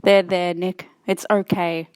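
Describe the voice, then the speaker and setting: A woman voicing a gentle young mother soothing her son in an audiobook, in a soft, reassuring manner. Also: lowish voice, little pitch movement, takes it slowly, clean tone, no echo.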